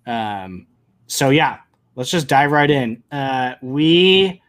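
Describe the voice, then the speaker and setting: Slow-talking excitable podcast host. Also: male voice, medium pitch. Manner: excitable, rambling with restarts. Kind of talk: casual pop-culture chat.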